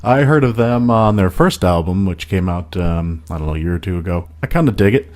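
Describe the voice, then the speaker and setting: A man hosts a casual podcast about metal music, his voice sitting on the lower side. He talks through new releases in a relaxed, enthusiastic way. He hesitates now and then as he goes. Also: brisk. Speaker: podcast host.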